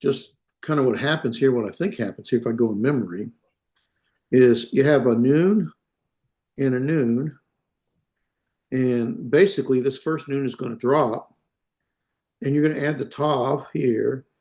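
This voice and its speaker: A man teaching a class, talking in a halting way with many fillers and self-corrections. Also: medium pitch, a little mellow. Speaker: instructor. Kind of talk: classroom lecture.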